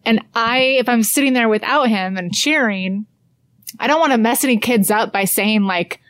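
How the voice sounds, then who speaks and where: A middle-aged woman co-hosting a podcast, telling stories in a casual chat with animated, high-pitched impressions. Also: normal speed, no echo. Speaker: podcast co-host.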